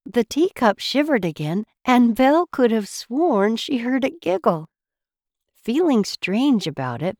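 A woman reading a storybook aloud, expressive and unhurried. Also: mid-range voice, dry recording, clean studio sound. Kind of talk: storybook read-aloud narration.

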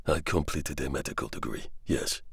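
A man voicing a calm French field doctor who speaks low, soft and measured, with a French accent. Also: gravelly, husky, no room sound, clean studio sound, heavily acted. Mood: calm reassuring.

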